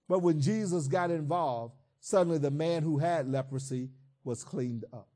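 A man's voice: on the high side, dark tone. A pastor preaching a sermon, speaking earnestly and directly to his congregation.

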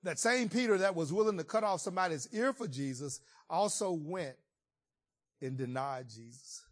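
A man's voice: a little high, animated, moderate pace. A man preaching a sermon as a pastor, retelling scripture in a conversational, colloquial storytelling way.

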